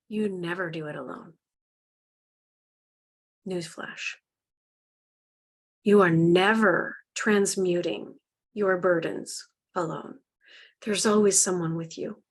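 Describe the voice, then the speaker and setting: A woman's voice: lowish voice, steady tone, takes it slowly, long pauses. Earnest woman guiding a spiritual class. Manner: earnest, gently guiding, emotional. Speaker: spiritual healing teacher. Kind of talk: live online guided spiritual class. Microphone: video call microphone.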